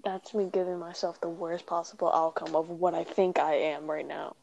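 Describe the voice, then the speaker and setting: A woman's voice: on the low side, steady tone, normal speed, gravelly, a little mellow, dull audio. A woman in a casual podcast chat, brash and swearing as she bickers. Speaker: podcast co-host.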